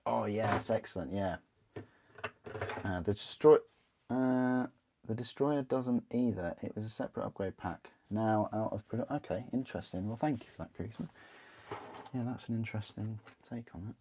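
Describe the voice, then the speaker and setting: A man's voice: lowish voice, normal speed, mellow, slight background noise. A man chatting casually on a livestream while building a model kit, rambling, answering chat and laughing often.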